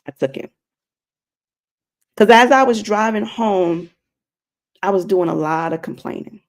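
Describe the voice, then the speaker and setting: At normal speed and medium pitch, a woman delivers a faith-based talk on her stream. She speaks directly to viewers, earnest and preachy, and says things more than once for emphasis.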